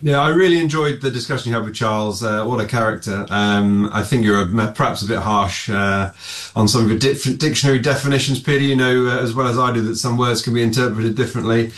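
A man's voice: medium pitch, steady tone, fast, a bit bright. A man, a former political adviser, talking as a guest on a radio discussion, friendly and hesitant with many uhs and restarts.

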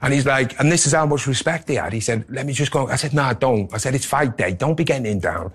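A middle-aged man, a former boxer telling animated anecdotes in a casual interview. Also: mid-range voice, fast talker, breathy edge. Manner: animated anecdotes, quotes people in character voices.

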